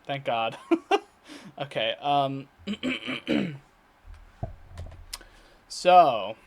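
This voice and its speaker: A man talking casually in a daily video diary, rambling and halting with many fillers, restarts and throat clearing. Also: fairly high pitch, big pitch swings. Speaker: vlogger. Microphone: computer recording setup.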